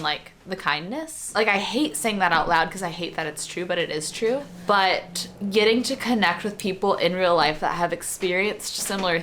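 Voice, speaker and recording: A woman in her thirties vlogging from a hotel room, chatty and openly emotional, talking to a camera sitting on her bed. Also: a little hiss or hum. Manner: chatty and openly emotional, voice swinging high when excited. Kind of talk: casual vlog chat.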